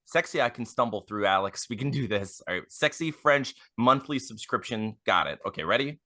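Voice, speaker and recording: A man co-hosting a tabletop podcast, trading dry deadpan jokes in casual banter, with a husky voice. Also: medium pitch, brisk, no room sound. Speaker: podcast co-host and player.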